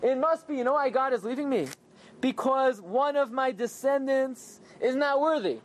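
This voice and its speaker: A man's voice: very high-pitched, normal speed. A man voicing an aged patriarch, an anxious father who questions his sons in worried, searching tones.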